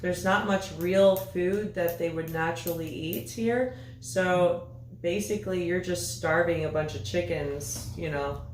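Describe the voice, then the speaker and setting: A woman co-hosting a podcast in casual chat, relaxed and matter-of-fact. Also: fairly low pitch, measured pace, a little hiss or hum. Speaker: podcast co-host. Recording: roomy echo.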